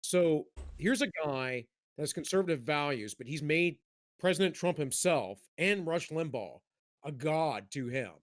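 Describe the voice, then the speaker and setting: Man, casual podcast chat, rambling, restarts, lively pitch, slightly high. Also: unhurried. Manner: rambling, animated, many restarts. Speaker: podcast co-host.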